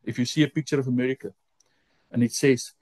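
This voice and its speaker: A man's voice: fast, no room sound. Male pastor telling his story in a sermon, dry close mic. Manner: animated storytelling, jumps high when quoting his own complaints. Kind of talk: sermon testimony.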